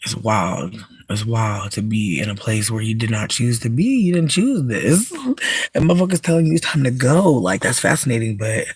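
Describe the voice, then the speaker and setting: A livestreamer in a casual rant, full of swearing, dropping to low mutters and then bursting into shrieking laughter, talking from inside a car. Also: lively intonation, moderate pace, husky, no room sound.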